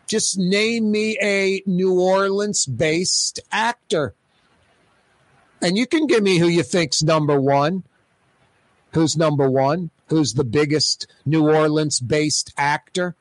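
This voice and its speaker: A man's voice: on the high side, takes it slowly, dry recording. A man hosting a radio talk show, chatting casually and running prize giveaways, rambling with lots of stammered restarts. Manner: rambling, animated, repeats himself with stammered restarts. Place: radio studio.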